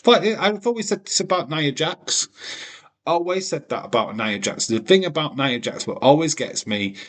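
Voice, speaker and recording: A man's voice: on the high side, animated, moderate pace. Blunt, sweary man ranting about wrestling. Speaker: wrestling watch-along host. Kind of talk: casual opinionated commentary.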